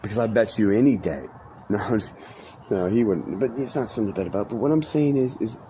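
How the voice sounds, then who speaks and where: Speaking quickly in a warm, fairly low voice, this male podcast host meanders through a foul-mouthed anecdote. He often cuts himself off and restarts his sentences, and the recording has a noisy backdrop.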